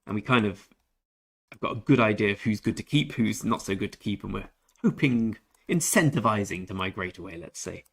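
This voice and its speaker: A man's voice: on the low side, expressive, a little fast, vocal fry, breathy edge. A laid-back young Englishman streaming a game and chatting with viewers in a jokey, easygoing way. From England. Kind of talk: casual livestream chat with viewers.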